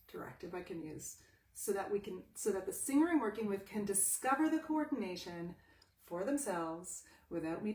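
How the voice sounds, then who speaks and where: A woman with a mid-range, darkish voice, a voice teacher, gives a live-streamed talk from a home room where a pet cat is present. She animatedly poses questions and answers them herself. The room is echoey and the mic sits at a distance.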